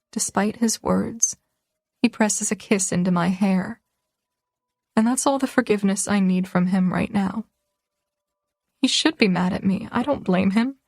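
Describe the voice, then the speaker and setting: A woman's voice: medium pitch, moderate pace, gravelly, darkish tone, breathy edge, no room sound. A young woman reads a first-person romance audiobook, her delivery emotional and tearful. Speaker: audiobook narrator.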